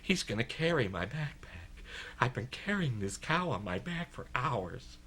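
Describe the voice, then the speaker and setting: An actor playing a self-mocking, out-of-shape husband, telling a story in a wry, self-deprecating comic monologue, with music behind. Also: male voice, mid-range voice, sing-song, measured pace, bright, forceful tone, breathy edge, heavily acted. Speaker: film character narrating a monologue.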